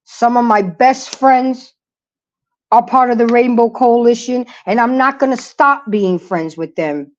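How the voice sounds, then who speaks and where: A woman's voice: a little high, a little slow. A middle-aged woman hosting a casual livestream, talking emphatically and preaching to her viewers while greeting the chat. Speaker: livestream host. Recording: lo-fi dull audio.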